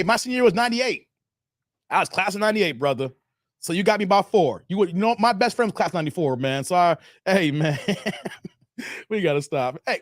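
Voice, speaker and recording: A man's voice: high voice, dry recording, clean studio sound. A man, hosting a casual livestream, reading viewer chats, laughing, teasing and singing snatches of old songs.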